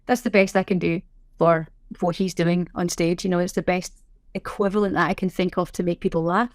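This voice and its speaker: A woman's voice: lowish voice, fairly even intonation, brisk, dry recording. Woman, middle-aged, chatty guest; dry close mic. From Scotland. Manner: chatty, self-correcting, explanatory. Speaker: sign language interpreter, podcast guest. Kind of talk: casual interview chat.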